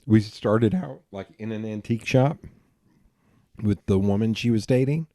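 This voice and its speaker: Low mellow Southern man. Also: normal speed, no echo, clean studio sound. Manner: rambling, animated anecdotes. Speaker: podcast host. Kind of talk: casual storytelling conversation.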